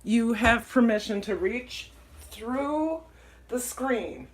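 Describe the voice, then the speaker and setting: A woman from Minnesota hosting a casual live cooking stream from her small home kitchen, chatty, rambling and quick to apologize. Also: a little high, animated, a little hiss or hum, rough recording. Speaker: cooking livestream host. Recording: kitchen clatter of dishes and pans.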